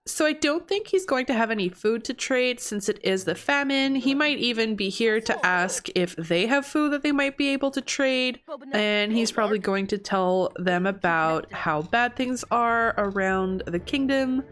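A young woman talks through a life-simulation game in a slightly high, conversational voice, chatty and quick to react. She narrates her choices casually and bursts into disbelieving exclamations when things go wrong. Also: animated, a bit bright. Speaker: gameplay video host. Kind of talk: casual gameplay commentary.

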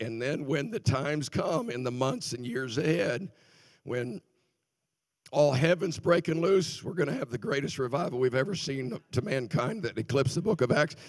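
An older guest minister preaches in a church sanctuary with an animated, swooping delivery, his slightly high voice edged with gravel. He swings from loud, ringing exclamations to hushed, quiet asides and laughs between points. The sound is close and dry, with no echo.

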